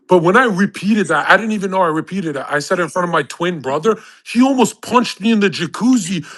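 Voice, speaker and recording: A man in his thirties, hosting a casual live audio chat, rambling loudly, laughing and acting out the voices of people he quotes. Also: sits high. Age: 30s. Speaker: host.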